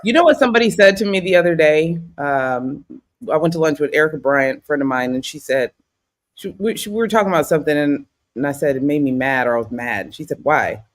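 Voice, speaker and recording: A woman hosting a casual podcast, her pitch swinging widely as she tells playful, lively stories. She jokes and teases easily. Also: quick pace. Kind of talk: casual chat.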